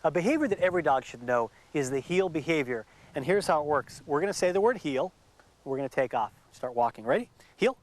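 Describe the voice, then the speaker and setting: A man's voice: fairly high pitch, animated, brisk, soft background music. A middle-aged man working as a dog trainer, explaining steps patiently and repeating words for emphasis in an instructional demonstration outdoors.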